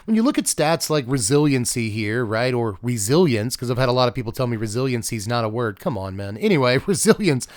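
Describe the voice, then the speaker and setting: A man's voice: mid-range voice, animated, quick pace, hardly any pauses, no echo. A man hosting a casual deck-tech video, chatty with offhand asides. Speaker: card game channel host.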